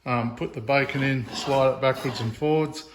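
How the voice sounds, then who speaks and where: A man's voice: mid-range voice, normal speed, background noise. A man, a farmer and host, chatting casually through a how-to demonstration. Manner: relaxed, chatty, with fillers.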